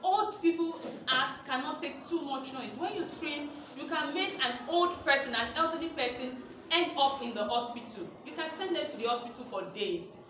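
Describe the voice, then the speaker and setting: A woman teacher, giving an online safety lesson to young children, slow and emphatic, repeating her points. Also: high-pitched, animated. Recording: very echoey room, faint noise.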